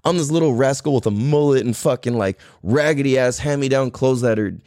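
A man's voice: fairly quick, no echo, clean studio sound. A man in his thirties from San Diego, telling a profane story casually and acting out the quotes. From San Diego, California. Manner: profane, animated, acts out quotes in a louder higher voice.

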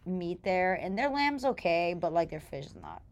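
A woman with a fairly low voice co-hosting a podcast in casual conversation. She talks in a chatty way and lets her sentences trail off quietly. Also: very animated, normal speed, lo-fi sound. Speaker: podcast co-host. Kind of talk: casual chat.

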